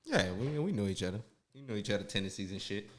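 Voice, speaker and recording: A man in his twenties hosting a podcast, chatting casually and teasing his guest with quick questions. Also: on the low side, sing-song. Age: 20s. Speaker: podcast host.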